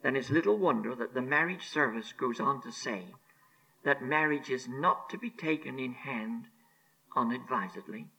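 A man preaching a sermon on scripture, emphatic and deliberate, repeating key phrases and sinking to a hushed near-whisper on solemn words. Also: medium pitch, low-quality recording. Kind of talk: expository sermon.

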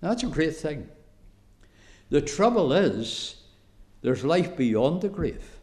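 Slow, deliberate Irish preacher man. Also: on the high side, sing-song, darkish tone. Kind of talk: sermon.

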